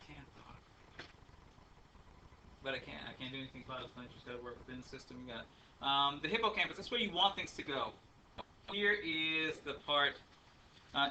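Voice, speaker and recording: A man's voice: a little high, brisk, pushed and bright. A man teaching a math class, lecturing in a chatty, rambling way with many ums and uhs. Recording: faint room noise, speaker a bit far from the mic.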